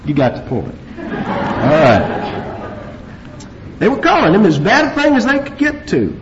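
A male pastor teaching scripture in a lively, swinging voice, his pitch pitched a little high and jumping up sharply for emphasis. He fires rhetorical questions at the congregation. The recording sounds dull and lo-fi. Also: slight background noise. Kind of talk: expository sermon.

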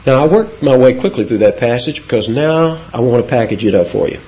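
A man preaching an expository sermon, animated, with wide swings of pitch for emphasis. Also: brisk, highs cut off. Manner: animated, swoops in pitch for emphasis, laughs between points.

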